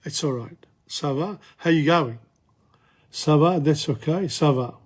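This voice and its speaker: A man teaching a casual French lesson in English, repeating phrases and chatting as he goes, his voice going hoarse. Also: a little high. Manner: chatty, self-interrupting, repeats phrases slowly. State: losing his voice, coughing. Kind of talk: casual spoken language lesson.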